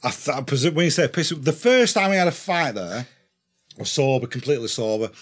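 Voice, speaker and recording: A podcast guest with an English accent and a mid-range voice talks a little fast. Chatting casually, he tells a rowdy story, cursing and laughing his way through an animated account.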